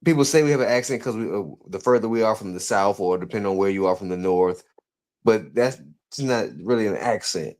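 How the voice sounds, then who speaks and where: A man's voice: lowish voice, brisk, darkish tone. Profane, blunt American podcast man. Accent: African American English. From United States. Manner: profane, blunt, defensive when challenged. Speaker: podcast co-host. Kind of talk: heated casual chat.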